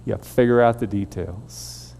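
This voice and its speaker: A man voicing God, calm and firm, speaking in a low, matter-of-fact way. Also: unhurried, gravelly, long reverb tail.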